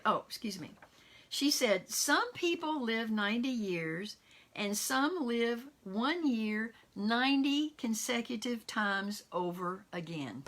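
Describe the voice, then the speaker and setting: A woman's voice: on the high side, animated, slow pace. Woman preaching in a conversational tone. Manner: warm conversational preaching with quotes and soft laughs. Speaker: minister. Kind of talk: online sermon.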